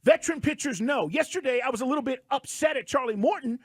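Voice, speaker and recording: Emphatic high-voiced male radio co-host. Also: lively intonation, fast talker, no room sound, clean studio sound. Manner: emphatic, with rhetorical questions. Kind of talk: sports radio talk.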